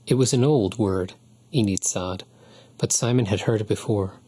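Low, husky male audiobook narrator. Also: moderate pace, warm tone.

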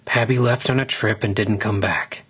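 A weary, sulky young lion from a storybook, voiced by a man in a low, husky tone that stays close to the reader's own. He mumbles and holds back, sounding drained. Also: steady tone, normal speed, fairly bright tone. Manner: mumbling and withdrawn. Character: big young lion son, tired and sulky.

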